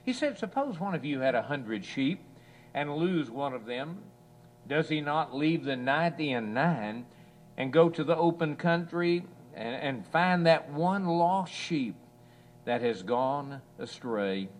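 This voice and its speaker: A man preaching an evening sermon to a church assembly, slow and earnest, rising in force on scripture quotes. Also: on the high side, lively intonation.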